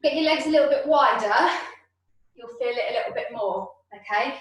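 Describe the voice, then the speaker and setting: High-voiced woman leading a home workout. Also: a little fast, fairly bright tone. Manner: encouraging, counts reps aloud. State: out of breath at times. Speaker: fitness instructor. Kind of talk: leading an online exercise class. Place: room at home. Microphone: video call. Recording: very echoey room, voice from far off.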